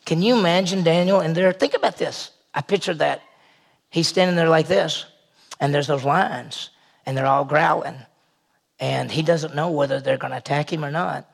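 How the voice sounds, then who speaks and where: A man preaching a sermon, retelling a scripture story with animated delivery and sudden drops to a near whisper. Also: a little high, moderate pace, gravelly.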